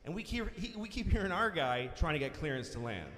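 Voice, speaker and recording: Animated, high-voiced stand-up comedian. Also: male voice, a little fast. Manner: animated, profane storytelling, rising to shouts. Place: live comedy stage. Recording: roomy hall reverb, faint noise.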